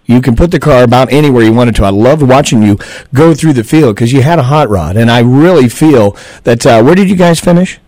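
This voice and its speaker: A man's voice: mid-range voice, fairly quick, darkish tone, no echo, low-quality recording. A man hosting a radio racing show, chatting in an enthusiastic, folksy way and heaping praise on his guests.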